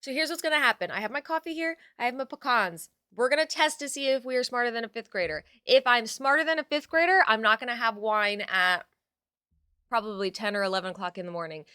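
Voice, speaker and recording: A woman's voice: fairly high pitch, fast talker, pushed and bright, clean tone, no room sound, studio quality. A young adult woman chatting casually on a live stream, reading out her chat and swearing now and then.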